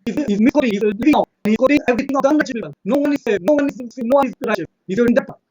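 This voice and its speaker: A man with an Indian accent arguing in a fast, insistent debate monologue, citing verses and repeating his points. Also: very high voice, a little mellow, slight background noise, poor audio. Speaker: religious debater.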